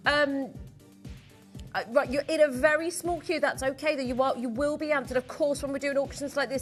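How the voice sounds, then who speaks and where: A woman presenting live TV shopping in a studio, upbeat and excitable as she counts down stock and greets viewers. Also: sits high.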